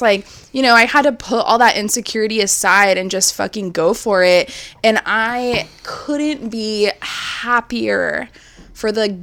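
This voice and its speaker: A woman co-hosting a casual podcast at a middle pitch. She rambles a little, leaning on "like" and restarts, and speaks candidly about her own life. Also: slow pace, a bit bright. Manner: rambling, many fillers, candid. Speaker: podcast co-host.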